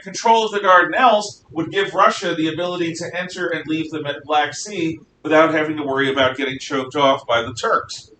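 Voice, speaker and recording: Guy giving a history class, rambly with lots of uh's, mic away from him, faint rumble behind. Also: a bit bright. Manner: rambling, self-correcting lecture with many fillers. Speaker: history teacher. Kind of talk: classroom lecture. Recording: echoey room, mic at a distance, faint rumble.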